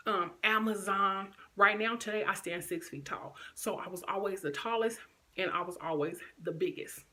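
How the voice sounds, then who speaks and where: A woman in her thirties talks straight to her viewers in a loose, rambling storytime. Her voice is bright and clear, close to the camera. Her pitch sits in a middle range. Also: moderate pace. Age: 30s. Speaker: vlogger. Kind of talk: casual storytime chat to camera.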